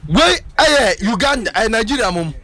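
Very high, lively radio host. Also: male voice, normal speed. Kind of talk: casual radio chat.

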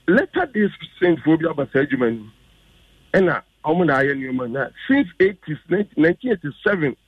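A man's voice: on the high side, slightly rough, dry recording. An older Ghanaian man, a member of parliament, talking emphatically and repeating himself as a guest in a radio interview. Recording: dull, dry radio audio.

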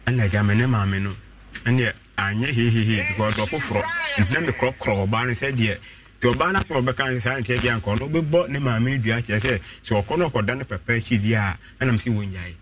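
A man calling in to a radio show, telling his own story and acting out what others said with sudden jumps in pitch. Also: recorded from a distance. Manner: acts out quoted voices with sharp pitch jumps.

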